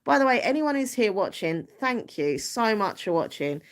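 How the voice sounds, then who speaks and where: A woman's voice: mid-range voice, very animated, normal speed. A woman with an Essex accent hosting a casual live stream, chatty, giggly and self-deprecating. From Southend-on-Sea, Essex, England.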